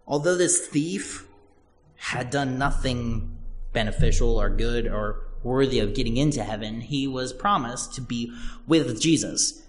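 Preaching man in a reverberant hall. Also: mid-range voice. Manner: earnest preaching with repeated phrases. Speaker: pastor. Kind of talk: sermon. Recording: long church-hall reverb.

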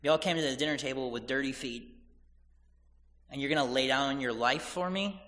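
A man's voice: mid-range voice, a little fast, bright, forceful tone, long reverb tail. A man preaching a sermon, retelling scripture in casual everyday paraphrase and acting out the people in the story.

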